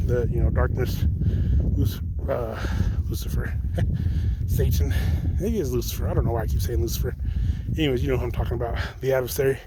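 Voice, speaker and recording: Outdoors collecting the mail, a young channel host rambles through a personal story about his faith, often correcting himself and calling his viewers "guys." He speaks at a moderate pace with a medium pitch and fairly even intonation, and background noise can be heard.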